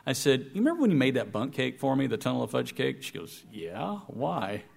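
A man in his forties preaching to a congregation, telling a folksy, self-deprecating story with animated delivery. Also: mid-range voice, brisk, gravelly. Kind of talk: storytelling sermon. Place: church hall with congregation.

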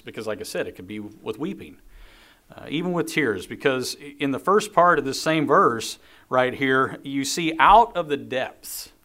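A man's voice: mid-range voice, a bit bright. A man preaching a sermon, reading scripture aloud and earnestly repeating key phrases. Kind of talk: sermon on a psalm.

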